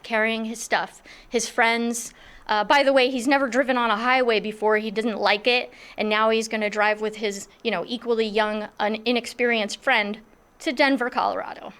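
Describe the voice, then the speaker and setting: Middle-aged woman, slightly high voice, animated self-mocking storyteller. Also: clear, resonant tone. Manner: animated, self-mocking, acts out others' thoughts. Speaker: coach telling a personal story. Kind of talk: personal storytelling.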